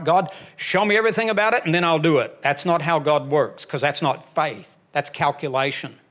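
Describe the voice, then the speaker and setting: An older pastor delivers a sermon, his voice sitting a little high for a man. He preaches emphatically and drops folksy, joking asides between his points. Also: a bit bright. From Alabama, USA.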